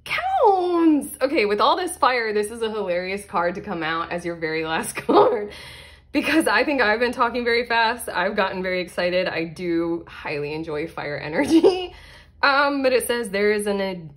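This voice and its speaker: A woman giving a casual tarot card reading, excitable and chatty, laughing often and filling her talk with "like" and "you know". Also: medium pitch, moderate pace. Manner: excitable, giggly, chatty with many fillers. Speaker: tarot reader.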